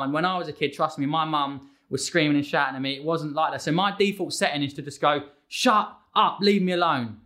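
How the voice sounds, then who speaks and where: Bright-voiced energetic man. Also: on the high side. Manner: energetic, quick restarts and repeated words. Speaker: guest, fitness coach. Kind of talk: casual podcast conversation.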